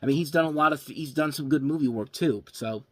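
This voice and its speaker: A man's voice: on the high side, fairly quick, fairly bright tone, no room sound. Rambling man reviewing movies, dry sound. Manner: rambling, stumbles over names. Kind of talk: casual movie review commentary.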